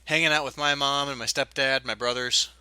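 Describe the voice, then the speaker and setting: A man's voice: medium pitch, fairly even intonation, brisk, sharp tone, clear, resonant tone, no room sound. A man hosting a podcast, wrapping up segments with dry jokes in casual chat. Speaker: podcast host.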